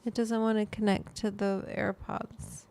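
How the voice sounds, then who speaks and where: A woman's voice: mid-range voice, level tone, a little slow, gravelly, a little mellow, a little hiss or hum. A woman hosting a casual livestream, rambling to her viewers and her pet as she goes. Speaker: livestream host.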